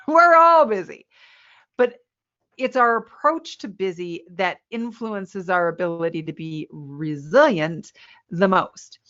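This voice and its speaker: Woman doing a webinar talk on camera, mid-pitched, lively, a bit muffled audio. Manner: lively, laughs at herself, acts out quoted people. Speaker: workplace resilience speaker. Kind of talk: webinar presentation. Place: indoor room with a window. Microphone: camera mic.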